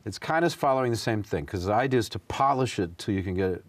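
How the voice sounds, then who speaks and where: A man hosting a casual talk show, rambling and halting as he sets up jokes. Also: on the low side, animated, dry recording. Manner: rambling, halting, self-deprecating. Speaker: host. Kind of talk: casual chat.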